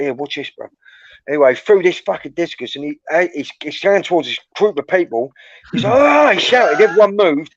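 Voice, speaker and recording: A young man trades school stories in a casual chat, swearing freely and laughing as he goes. His voice sits a little high for a man. The sound is dry and slightly muffled. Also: dry recording. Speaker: host.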